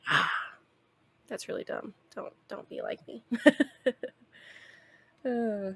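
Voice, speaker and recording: Young woman, game streamer, casual rambling chat, fry in her voice. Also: on the high side, expressive, slow pace, pauses often, fairly bright tone. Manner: chatty, laughs often, rambling asides.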